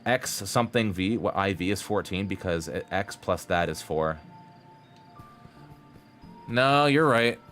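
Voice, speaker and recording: Deep voiced guy streaming a game, rambly chat, throws in bad puns. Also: lively intonation, slow, long pauses, fairly bright tone, faint music behind. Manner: chatty, rambling, fond of puns. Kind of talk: live-stream gameplay commentary.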